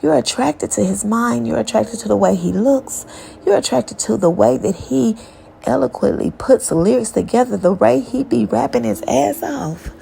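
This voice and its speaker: A woman's voice: fairly high pitch, moderate pace, creaky, warm tone, a little hiss or hum. A woman putting on Mister Dapper, a brash male spirit. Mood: scheming. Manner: blunt, profane, self-assured. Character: protective, crude-talking male spirit suitor.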